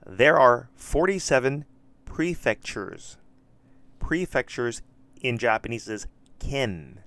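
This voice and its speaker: A man who teaches English, walking through a lesson plan and reading model questions and answers slowly and clearly. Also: mid-range voice, fairly bright tone. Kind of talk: slow lesson-plan walkthrough.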